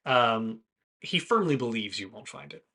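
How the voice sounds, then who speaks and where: A man narrating a tabletop game as game master in a loose, relaxed way with fillers. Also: medium pitch, normal speed, gravelly.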